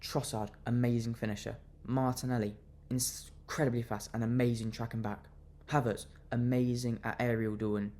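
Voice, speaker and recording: A man's voice: medium pitch, flat delivery, normal speed, few pauses, darkish tone. Angry young man ranting about football. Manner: fuming, repetitive, venting. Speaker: football fan vlogger. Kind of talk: angry fan reaction rant.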